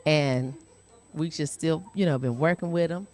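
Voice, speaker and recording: A woman telling stand-up stories in an animated way, with churchy phrases. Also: low-pitched, normal speed. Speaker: stand-up comedian. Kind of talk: stand-up routine. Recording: loud crowd and noise, live stage. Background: laughing audience.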